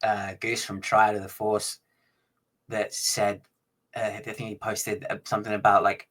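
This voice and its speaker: A man co-hosting a podcast, chatting casually in a halting way, pausing and restarting as he thinks. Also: lowish voice, level tone, a bit bright. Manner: halting, full of fillers and restarts. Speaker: podcast co-host.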